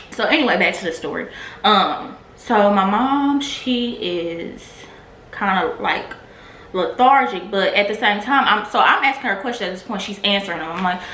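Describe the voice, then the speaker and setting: A woman's voice: mid-range voice, fairly bright tone. A woman vlogger candidly telling a personal testimony in a casual, filler-heavy way. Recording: echoey room with faint noise.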